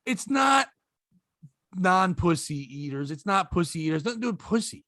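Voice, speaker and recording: A man with a high voice hosts a crude comedy podcast, firing off profane, animated asides. His voice sits close and dry on the mic, with no room sound around it. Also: normal speed, no room sound. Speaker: podcast host.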